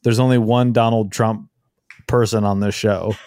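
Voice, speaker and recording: A man's voice: on the low side, little pitch movement, normal speed, a little mellow, no echo, clean studio sound. Jokey man co-hosting a comedy podcast. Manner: jokey, slips into silly voices. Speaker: podcast co-host. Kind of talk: casual comedic chat.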